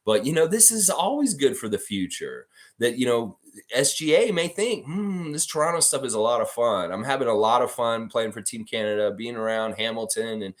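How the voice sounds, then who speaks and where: A man's voice: medium pitch, animated, moderate pace. A man hosting a casual live stream, rambling and reading viewer comments aloud. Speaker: livestream host.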